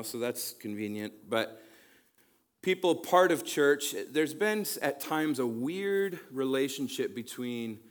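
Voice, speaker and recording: A man giving a relaxed, conversational sermon as a pastor and counselor, often checking in with "okay?" and "right?" and reading scripture aloud with growing energy. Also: medium pitch. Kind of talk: casual sermon teaching. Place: church campus.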